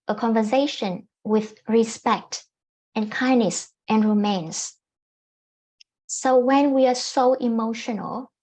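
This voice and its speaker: A woman life coach giving calm, gently instructive self-help advice to camera, often repeating her points. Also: a little high.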